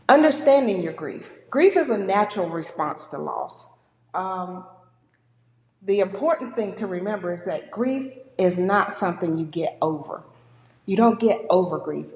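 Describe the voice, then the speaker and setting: A woman giving a conversational church talk on grief, acting out the people she quotes. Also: medium pitch. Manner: warm conversational, acts out quoted people with lively voices. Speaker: speaker at a church. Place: church sanctuary. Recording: echoey church hall with long reverb.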